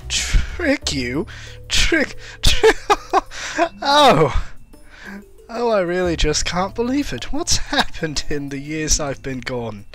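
A man's voice: fairly high pitch, fairly bright tone. A man voicing a mischievous, teasing male fiend who is bored, playful and hungry for souls. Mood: amused. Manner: playful, cackling, flirtatious and dramatic.

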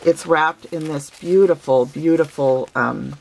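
Gushing woman with a low, gravelly voice. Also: unhurried, a little mellow. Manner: gushing, sentimental, many fillers. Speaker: craft vlogger. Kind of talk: casual gift-opening vlog.

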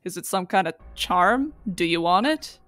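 A woman reading the lines of a calm, formal young man in a measured way. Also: fairly low pitch, dry recording, faint music behind.

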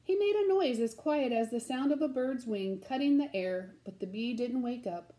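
A woman reading a children's story aloud in a gentle, sing-song, slow way. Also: a little high, animated.

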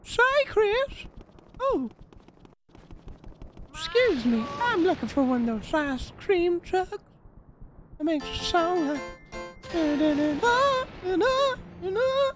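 A hoarse man doing a creepy, wheedling old cartoon man. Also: very high-pitched, very animated, slow, pauses often, over music, voice pushed up, exaggerated voice, low-quality recording. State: hoarse from illness.

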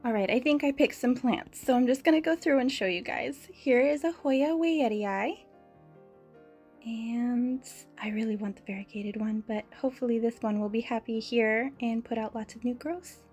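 A woman's voice: on the high side, moderate pace, darkish tone, soft background music. A young woman chatting casually as she builds a plant shelf and shows her houseplants, laughing often as she talks. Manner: chatty and giggly, frequent small laughs. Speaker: plant vlogger. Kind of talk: casual DIY vlog narration.

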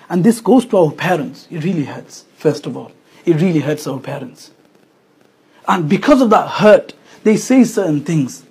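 A man delivering an emotional sermon to a mosque gathering, swinging from loud appeals to hushed lines. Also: fairly high pitch, lively intonation, moderate pace, husky. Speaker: preacher.

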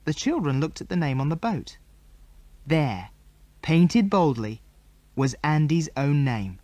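A man narrating a children's adventure audiobook in a measured storytelling manner. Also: fairly high pitch, very animated, a little mellow, no room sound. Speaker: audiobook reader.

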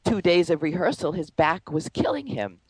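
A woman's voice: lowish voice, very animated, moderate pace, a little mellow, husky, no room sound, rough recording. Thoughtful woman teacher, dry sound. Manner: thoughtful, storytelling, frequent fillers. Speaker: Alexander Technique teacher. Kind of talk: conversational interview.

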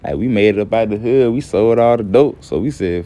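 A man's voice: lowish voice, a little fast, hardly any pauses, dark tone. A young man casually narrating a game story in heavy slang, laid-back and profane, often asking "you feel me". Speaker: gameplay storyteller.

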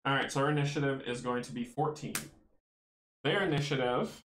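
A man's voice: medium pitch, brisk, a bit bright, roomy sound, a little hiss or hum, low-quality recording. A man playing a tabletop board game solo, thinking aloud, counting out moves and chuckling often.

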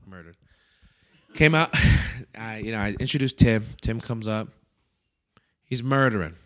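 A man's voice: on the low side, unhurried. Profane storytelling comedian, a man. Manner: profane, animated anecdote-telling with acted-out quotes. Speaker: comedian host. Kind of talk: casual podcast storytelling.

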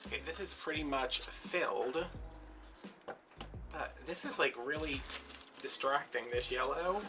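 A man's voice: medium pitch, measured pace. A man telling a rambling, chatty story with lots of fillers while he works on a craft project. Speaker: craft vlogger. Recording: mic at a distance with clear background music.

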